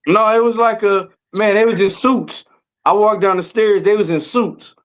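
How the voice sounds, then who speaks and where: High-voiced joking Black man. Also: steady tone, moderate pace. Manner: loud, joking, teasing trash talk. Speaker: podcast co-host. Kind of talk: casual chat.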